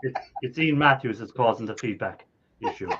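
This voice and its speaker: A man's voice: medium pitch, muffled recording, background noise. A man hosting a casual live stream over a video call, chatty, with lots of fillers and laughter. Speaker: host.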